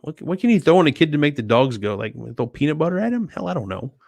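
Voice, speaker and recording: A man's voice: a little high, sing-song, fast, gravelly, a little mellow, no echo. Laid-back man chatting on a live stream. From United States. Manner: easygoing, chatty, calls viewers sweetie and dude. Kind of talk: casual chat reading viewer comments. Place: home at night.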